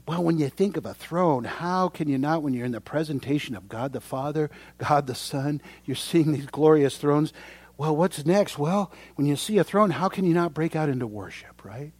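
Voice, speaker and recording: A man preaching a sermon, swinging from loud proclamation to hushed whispers and speaking straight to his congregation. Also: fairly high pitch, normal speed, husky, no room sound. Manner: addresses the congregation directly. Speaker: pastor.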